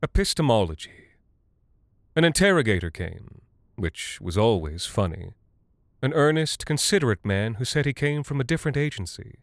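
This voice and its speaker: A man narrating a dark literary story in a measured, deadpan way. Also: mid-range voice, vocal fry, dry recording, clean studio sound.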